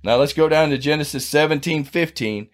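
A man's voice: on the high side, a little fast. A man hosting a devotional podcast, teaching scripture in a folksy, conversational way and closing in prayer. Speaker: podcast host and Bible teacher.

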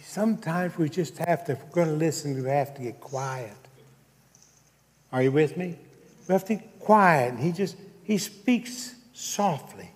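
Slow-preaching man in a reverberant hall. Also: fairly high pitch, a little mellow. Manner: preaching with call-outs to the congregation. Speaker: pastor. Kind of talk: sermon.

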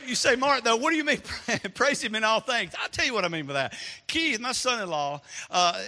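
Animated preacher in an echoey hall. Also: male voice, high voice. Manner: animated preacher, swings from hushed to loud. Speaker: pastor. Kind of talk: sermon with storytelling.

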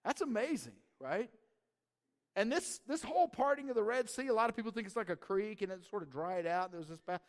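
High voiced guy preaching, chatty and jokey, keeps saying right. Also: fairly quick, big-room sound. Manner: animated, joking, conversational, repeats "right?". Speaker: pastor. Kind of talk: sermon.

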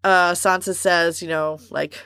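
A young woman co-hosting a podcast, recapping in relaxed casual chat with plenty of fillers. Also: fairly low pitch, a little slow, smooth, dry recording, studio quality. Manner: relaxed, filler-heavy storytelling. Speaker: podcast co-host.

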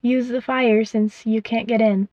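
A woman voicing a small, timid, lonely mouse who speaks in a soft, squeaky, self-doubting way, in a dull, dry recording. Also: fairly even intonation, unhurried, no echo, natural voice.

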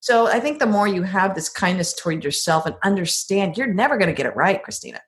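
A middle-aged woman in a casual advice conversation, telling personal stories and acting out quoted lines with lively jumps in pitch. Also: quick pace. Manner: animated storyteller, acts out quotes with big pitch jumps.

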